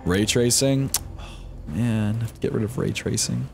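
A man's voice: medium pitch, moderate pace, gravelly, a little mellow, faint music behind. A young man streaming a game live from home, talking to his chat in a flustered, swearing way. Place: home room with computer.

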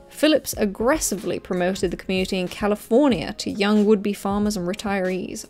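A woman hosting a comedic commentary video. She reads facts aloud and keeps breaking off into sarcastic, excited reactions. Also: mid-range voice. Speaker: video host.

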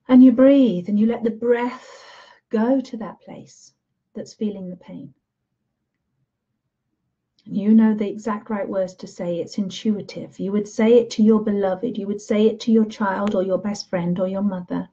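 A woman spiritual teacher guides listeners through a self-love session, speaking slowly with soothing, gentle care. Her voice is mellow and sits a little high. The recording sounds slightly muffled. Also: husky. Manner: slow, soothing, gentle guidance.

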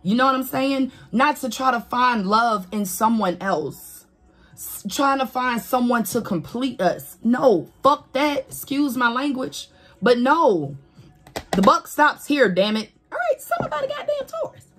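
A woman giving a casual spiritual reading to camera, animated and preachy, talking straight to her viewers with swearing and laughs. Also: a little high, slow. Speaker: tarot reader.

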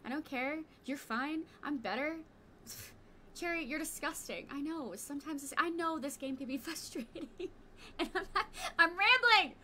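A young woman streaming a video game, chatting casually with viewers, excitable and quick to swear and yell in frustration. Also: sits high, slight background noise. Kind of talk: casual live-stream chat while gaming.

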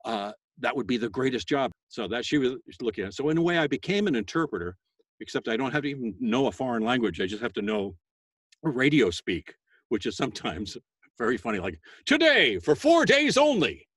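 A man's voice: medium pitch, a little fast, husky, dry recording. Man, voice actor, casual talk, dry close sound, filler-heavy, jokey. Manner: chatty and self-deprecating, many fillers; bursts into loud animated sales voice. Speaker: voice actor speaking to a school class.

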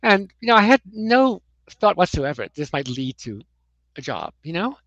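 A woman's voice: lowish voice, big pitch swings, normal speed, fairly bright tone, no echo, lo-fi sound. An American woman in a casual interview, telling rambling anecdotes with many "you know"s and chuckles. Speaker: comics writer, guest.

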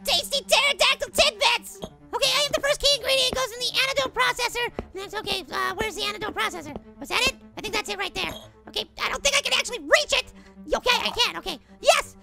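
A man's voice: expressive, fast, creaky, over music, heavily acted. A man voicing a tiny, jittery and whiny male apple, chattering frantically and flustered through cartoon game commentary. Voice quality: squeaky, sped-up cartoon voice. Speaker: gaming host. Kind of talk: cartoon let's play commentary.

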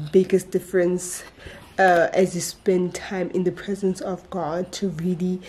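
A woman's voice: fairly low pitch, warm tone. A young woman vlogger talking casually and earnestly about faith, chatty and a little giggly. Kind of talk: casual devotional vlog talk.

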